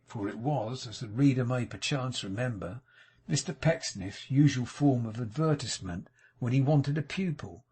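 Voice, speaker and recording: A man narrating a classic novel as an audiobook in a measured, even reading. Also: mid-range voice, breathy edge. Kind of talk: scripted narration.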